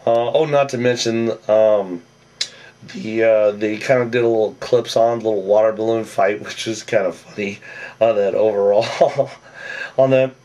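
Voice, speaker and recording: A man giving a casual, rambling episode recap, often tacking on "on that" and acting out quoted lines in a higher, louder voice. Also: fairly even intonation, unhurried, far from the mic. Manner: rambling, with a habit of "on that". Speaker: reality TV recap vlogger.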